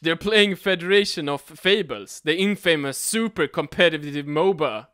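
A man's voice: fairly high pitch, moderate pace, fairly bright tone, smooth, no echo. A man playing a video game with a friend, reading text aloud and joking, swearing a lot. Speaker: gamer reading and voicing a game. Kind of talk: casual let's-play commentary.

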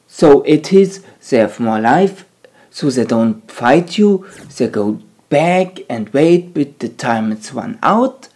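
A man's voice: mid-range voice, lively intonation, takes it slowly, breathy edge. Ranting man. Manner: ranting, swearing, shouting at the game. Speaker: gamer. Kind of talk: casual gameplay commentary. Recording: game music playing behind.

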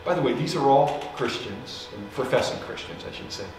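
A man preaching as pastor, telling a story in a loose, conversational way with fillers and soft laughs. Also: medium pitch, fairly quick, soft background music. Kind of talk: sermon storytelling. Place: church sanctuary. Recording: echoey hall, mic from a distance.

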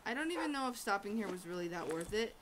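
A woman's voice: mid-range voice, sing-song, quick pace, background noise. A woman playing a video game and commenting as she goes, chatting to her in-game dog and crying out in frantic repeats when things go wrong. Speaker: gaming channel host. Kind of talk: let's play commentary. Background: loud game music.

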